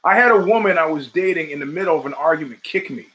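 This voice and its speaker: Speaking quickly and expressively, this middle-aged man hosts a podcast and launches into an opinionated monologue. His voice is strong with a bright edge, sitting a bit above typical male pitch, and he leans on rhetorical questions and repetition for emphasis.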